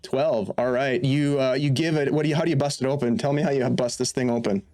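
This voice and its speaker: A man's voice: medium pitch, fairly even intonation, fast, darkish tone. A man running a tabletop game as game master, describing scenes and calling for rolls.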